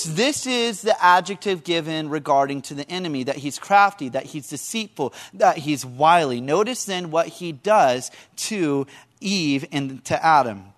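A man preaching a sermon to a congregation, telling animated stories and asking the listeners questions. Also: a little high. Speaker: pastor.

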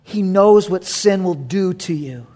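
A man's voice: high voice, measured pace, warm tone. A man pastor preaching a sermon, reading scripture and joking, with sudden dramatic swings in his delivery.

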